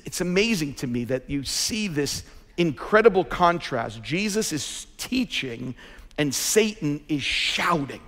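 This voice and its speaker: A pastor preaches a sermon in a voice a little higher than most men's, growing emphatic and louder as he drives each point home. The long reverb of a large church sanctuary surrounds his words.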